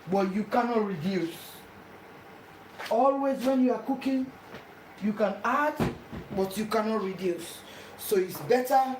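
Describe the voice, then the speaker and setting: A woman's voice: on the high side, darkish tone. A woman giving a cooking demonstration in her home kitchen, talking the viewer through each step and repeating instructions over and over. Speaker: home cook. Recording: echoey kitchen with frying noise.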